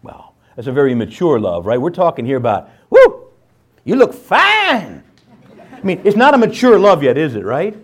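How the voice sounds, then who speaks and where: A man teaching scripture in a lively sermon style, often checking in with "right?" and acting out playful voices. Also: medium pitch, fast talker. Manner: animated, jumps into playful voices, asks "right?".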